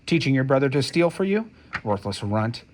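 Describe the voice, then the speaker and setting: A man's voice: medium pitch, sing-song, normal speed, darkish tone, lightly acted. A man reading the part of a harsh, cruel working-class mother, speaking in a cold, contemptuous way. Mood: scornful.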